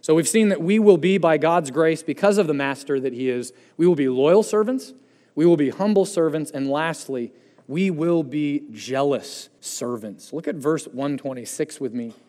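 A man preaching with a high, bright voice that swings from loud bursts to hushed, fading endings. His sermon rings with long reverb through a church hall. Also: moderate pace. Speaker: pastor. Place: church sanctuary.

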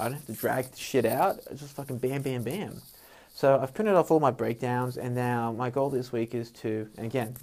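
Man hosting a solo talk episode, mid-pitched, blunt, swears freely, frustrated and fired up. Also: a little mellow. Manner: heavy swearing, frank; worked-up, venting frustration. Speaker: podcast host. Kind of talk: casual solo monologue.

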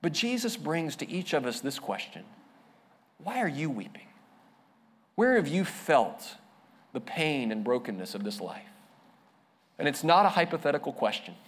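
A man preaching a sermon as a pastor, earnest, slowing down and dropping softer to stress his points. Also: a little high, very animated.

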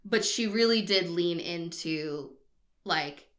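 A woman's voice: fairly low pitch, slow, a bit bright. A woman co-hosting a casual podcast, telling a story in a chatty way and laughing often. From Boston area, US.

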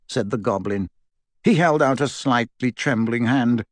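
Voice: medium pitch, unhurried, dry recording. A reader narrating a novel aloud, giving the characters playful voices.

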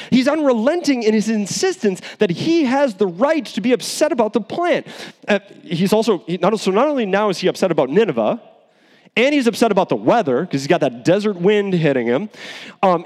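A man preaching a sermon in an animated, conversational way, with asides and restarts. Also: sits high, big-room sound. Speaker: pastor.

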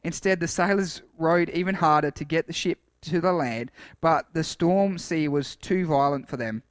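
A man with a slightly high voice reads scripture aloud in a relaxed, conversational sermon. He drifts between steady reading and offhand remarks to the congregation. The sound is close and dry, with very little room echo. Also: normal speed, clean tone. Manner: reads scripture aloud with dramatic shouts for quoted lines, chatty asides. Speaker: preacher. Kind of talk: casual sermon with Bible reading.

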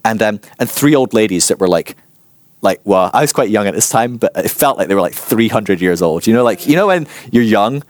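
A man giving a personal testimony talk, telling his story with animated, self-mocking humor. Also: lowish voice, brisk, no echo. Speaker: Christian teacher.

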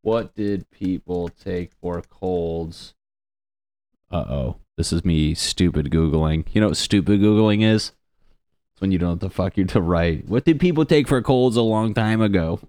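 A man's voice: low-pitched, warm tone, no room sound, studio quality. A young adult male comedian in a casual, profane, sarcastic rant, riffing as he reads web pages aloud.

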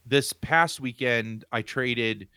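A man in casual chat, telling an animated, rambling story from his home on a video call. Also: mid-range voice, slow, clear, resonant tone, no echo, clean studio sound. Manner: animated, rambling, laughs while telling stories. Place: home room with pinball machines.

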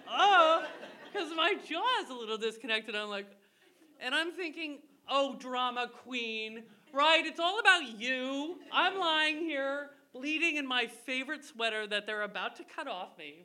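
A woman with a slightly high, sharp voice shares a comic story about herself on a live stage. She comes from an Irish family, and she's chatty and self-deprecating, breaking into laughter along the way.

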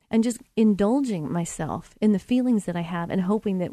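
A woman's voice: mid-range voice, fairly quick, few pauses, mellow, dry recording. A middle-aged woman hosting a talk show, telling a personal story and giving earnest relationship advice. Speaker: radio show host.

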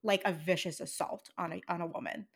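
A young woman co-hosting a podcast, speaking in a measured way that turns indignant as she recalls a film scene. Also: lowish voice, vocal fry, slightly rough. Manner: measured, then indignant when quoting. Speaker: podcast co-host. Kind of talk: casual podcast chat.

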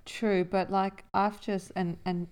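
A woman co-hosting a podcast, her voice husky from being sick, chatting casually and joking around. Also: mid-range voice, little pitch movement, takes it slowly, a little mellow. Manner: giggly, joking. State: husky from illness. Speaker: podcast co-host. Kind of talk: casual chat.

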